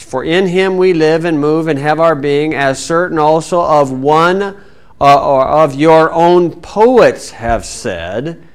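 A man teaching the Bible in a folksy sermon style, with sarcastic asides and mocking voices. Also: a little high.

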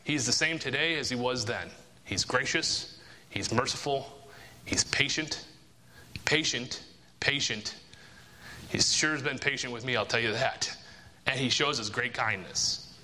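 A man's voice: mid-range voice, a little slow, pauses often, pushed and bright. A man preaching a sermon, emphatic and repetitive, firing rhetorical questions at his listeners. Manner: emphatic, repeats key phrases, rhetorical questions. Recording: long reverb of a large hall.

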